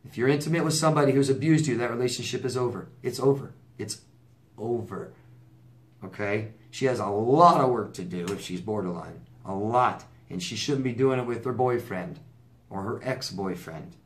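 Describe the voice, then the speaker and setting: A man's voice: on the low side, lively intonation, normal speed. Guy giving blunt coaching advice off the cuff, says stuff twice for emphasis, trips on his words a bit. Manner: blunt, repeats himself for emphasis, stammers on restarts. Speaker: relationship coach answering viewer letters. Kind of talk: casual advice monologue.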